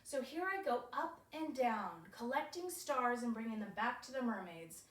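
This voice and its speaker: A woman's voice: fairly high pitch, expressive, normal speed, a bit bright. A woman playing a cheeky, carefree winged mermaid goddess, telling her story in first person with a breezy, giggly manner and frequent laughs. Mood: playful. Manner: giggly, breezy, laughs often between phrases. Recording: roomy echo.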